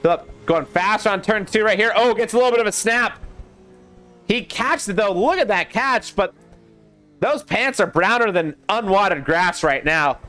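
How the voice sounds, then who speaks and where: A young man casting a sim racing league live, chatty and excitable, talking to his co-caster and to the chat. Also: high voice, normal speed, faint music behind. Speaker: race caster.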